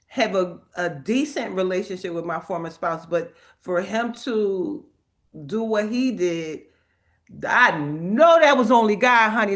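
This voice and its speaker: A woman hosting a spiritual talk, animated and emphatic, laughing often as she reads inspirational cards. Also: mid-range voice. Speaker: host. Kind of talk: spiritual talk and card reading.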